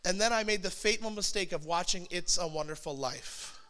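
Pastor, male, 30s: high and bright, animated sermon storyteller. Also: brisk. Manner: animated, self-deprecating storytelling with sudden high bursts.

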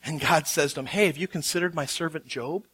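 A man in his thirties preaching a sermon, telling a story with animated quotes. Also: fairly high pitch, fairly quick, breathy edge. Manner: animated storytelling, acts out quotes with rising intensity. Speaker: pastor.

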